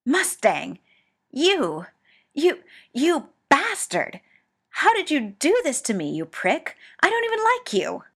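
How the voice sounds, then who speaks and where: A woman putting on a hot-tempered young man in an audiobook-style reading, yelling in a high, strained voice. He is blunt and quick to anger, and his lines come out slow and heavy. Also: big pitch swings. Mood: furious. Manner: shouting, high and loud.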